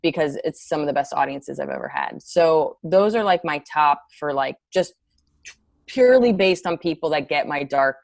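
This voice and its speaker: A woman with a low voice talks in a loose, rambling way, often correcting herself mid-sentence. She sounds animated as she tells stories on a video call. The sound is dry and close, with no room echo. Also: moderate pace, gravelly. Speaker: stand-up comedian guest. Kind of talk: casual interview chat.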